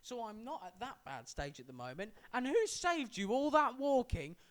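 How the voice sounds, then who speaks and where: A man's voice: very high-pitched, big pitch swings, moderate pace. A young man from England co-hosting a casual podcast, rambling and stumbling over his words, with a sore throat. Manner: rambling, stumbling, self-correcting. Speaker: podcast co-host. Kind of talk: casual chat.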